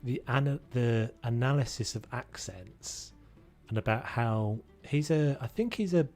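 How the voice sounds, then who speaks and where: Over faint background music, a man from the United Kingdom chats loosely with his stream audience during a game. His mid-range voice is expressive and darkish, his delivery a little slow.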